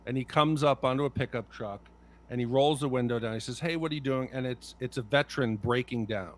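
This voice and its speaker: A man's voice: mid-range voice, fairly even intonation, brisk. A man co-hosting a casual movie podcast, talking passionately and bluntly, swearing freely. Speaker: podcast co-host.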